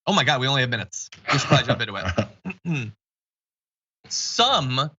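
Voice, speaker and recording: A man's voice: mid-range voice, sing-song, bright, forceful tone, breathy edge, muffled recording. A man hosting an online news show, talking in a wry, joking, casual way and reading out viewer messages. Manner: wry, joking, fast asides. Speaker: show host.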